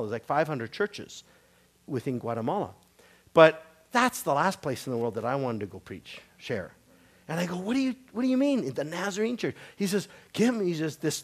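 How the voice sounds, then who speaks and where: A man preaching to a church congregation, telling a story in a conversational way and acting out the dialogue of the people in it. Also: medium pitch. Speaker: guest preacher. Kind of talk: storytelling sermon.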